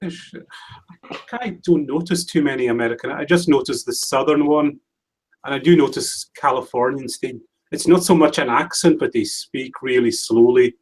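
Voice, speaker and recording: A man's voice: medium pitch, normal speed, a little mellow, low-quality recording. A man hosting a casual livestream chat, talking in a rambling, chatty way. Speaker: livestream host.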